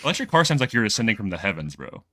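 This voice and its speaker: A young man co-hosting a podcast, talking excitedly in casual slang. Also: on the low side, very fast. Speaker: podcast co-host. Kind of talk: casual chat.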